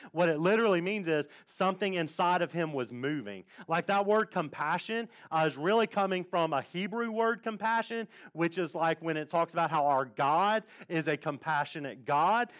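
A young adult man preaching a casual, story-filled sermon as a pastor, rambling and joking with lots of fillers. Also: fairly high pitch. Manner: animated storytelling, self-deprecating, lots of fillers. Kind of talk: conversational sermon. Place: church sanctuary.

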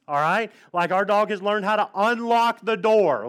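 A man's voice: high voice, moderate pace, hardly any pauses, a bit bright, clear, resonant tone. A man in his thirties preaching a casual, joking sermon as a pastor, with lots of "like" and "all right?" asides. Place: church sanctuary.

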